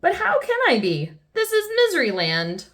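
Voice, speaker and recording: A woman's voice: lowish voice, huge pitch swings, normal speed, a bit bright. A woman voicing a weepy, sobbing old king who wails and blubbers. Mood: wailing. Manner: wailing, blubbering.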